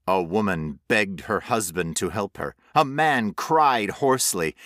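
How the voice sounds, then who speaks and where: A man narrating a horror audiobook in a slow, measured storytelling voice. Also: fairly low pitch, a bit bright, dry recording, studio quality.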